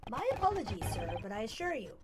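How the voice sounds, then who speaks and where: A woman's voice: a little high, sing-song, fast, heavy background noise, voice pushed down. A woman voicing an eccentric, self-assured male detective with a theatrical, breezy manner. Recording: loud music underneath.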